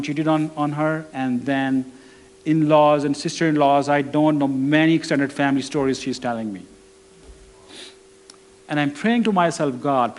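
A man preaching a sermon and telling a personal story, conversational and halting, with restarts and non-native grammar. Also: fairly high pitch, a little mellow.

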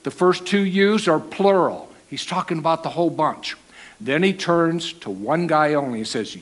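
A man preaching a sermon, animated and acting out the quoted lines. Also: a little high, a little slow, rough recording.

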